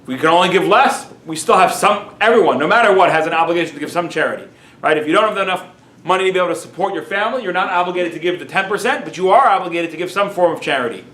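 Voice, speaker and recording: A man, a rabbi, teaching a lively class and telling stories, dropping in Yiddish and Hebrew words. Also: high-pitched, rapid-fire. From United States. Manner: animated storyteller, sprinkles Yiddish and Hebrew words, self-amused. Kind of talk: lively Torah class lecture. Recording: roomy echo.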